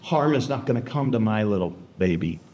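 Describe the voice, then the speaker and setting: A man voicing a fiercely protective mother, speaking low and stern. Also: animated, fairly quick, a little mellow, natural voice. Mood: vowing. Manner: stern, lowered voice. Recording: roomy hall echo.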